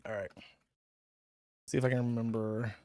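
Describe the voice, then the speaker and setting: A man's voice: mid-range voice, fairly even intonation, moderate pace, dark tone, no room sound, clean studio sound. A man hosting a livestream, reading paid chat messages and riffing on them in a casual, profane, rambling way with frequent laughs.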